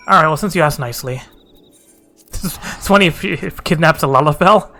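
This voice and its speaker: A man's voice: a little high, moderate pace, pauses often, bright, forceful tone. A man hosting a let's play, giving laid-back, joking game commentary.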